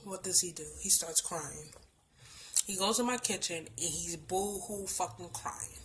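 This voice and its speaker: A woman with a Bronx New York accent telling a personal story in a casual vlog, blunt and emphatic, with lots of swearing, swinging from hushed to loud. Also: lowish voice, measured pace, slight background noise. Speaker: storytime vlogger.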